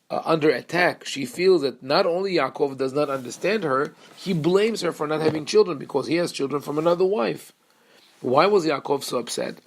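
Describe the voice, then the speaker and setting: A man, a rabbi, giving a Torah class in a halting way with frequent restarts. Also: medium pitch, creaky. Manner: halting, with many restarts and fillers.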